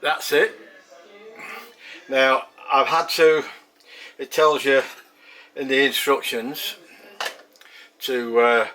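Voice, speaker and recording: An Englishman with an English accent talks slowly and chattily to his viewers from his home kitchen. He rambles and circles back on his words at an unhurried pace, in a voice of middling pitch. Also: steady tone, bright, forceful tone, faint music behind. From England. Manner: rambling, chatty, repeats himself. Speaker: home cooking vlogger. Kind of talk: casual chat to camera.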